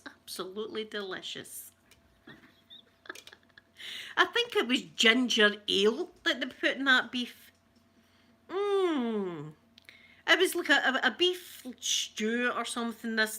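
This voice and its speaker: A woman's voice: fairly high pitch, animated, measured pace, sharp tone. A woman with a Scottish accent hosting a casual live chat with viewers, telling stories and laughing often. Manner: chatty storyteller who laughs often. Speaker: livestream host.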